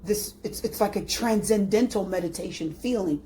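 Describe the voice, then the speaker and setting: A woman narrating a guided spiritual meditation. Her voice is mellow and dark-toned, at a middle pitch. She speaks slowly and dreamily, and she often repeats her phrases. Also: slight background noise. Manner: slow, dreamy and soft-spoken, with repetitions. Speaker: tarot reader.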